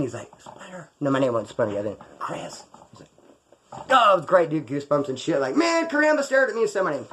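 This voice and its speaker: A man's voice: on the high side, a little hiss or hum. A middle-aged man telling rambling, profane, jokey stories about his past, straight to camera. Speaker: ex-prisoner storyteller. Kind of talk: casual storytelling to camera.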